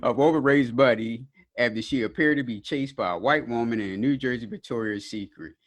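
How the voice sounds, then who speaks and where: A man's voice: medium pitch, a little fast. Laid-back man co-hosting a podcast. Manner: laid-back, chuckling, joking commentary. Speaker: podcast co-host. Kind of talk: casual chat.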